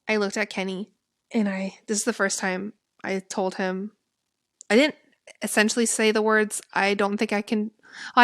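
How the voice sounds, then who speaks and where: A young woman co-hosting a podcast, telling a personal story in a candid, conversational way. Her voice sits at a middle pitch and jumps up when she acts out what she said. The sound is dry and close, with no room echo. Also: gravelly. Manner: lively, candid, quotes herself in animated bursts. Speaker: podcast co-host.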